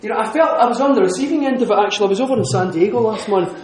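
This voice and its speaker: Animated high-voiced man in an echoey hall. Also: racing. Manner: animated storyteller, laughs often, restarts. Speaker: speaker giving a talk. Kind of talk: lively anecdotal talk to an audience.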